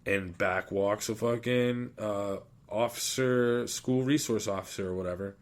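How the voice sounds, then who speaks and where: A man's voice: on the low side, fairly even intonation, unhurried. A man hosting a podcast, telling rambling, profane stories in casual chat in a studio. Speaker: podcast host.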